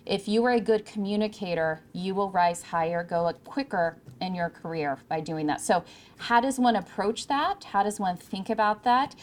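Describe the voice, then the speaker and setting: A woman's voice: medium pitch, normal speed, a little mellow. A woman from California, a communication coach, giving an emphatic workshop talk to a room of interns. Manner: emphatic, clear presenter with varied pacing. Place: room with a live audience.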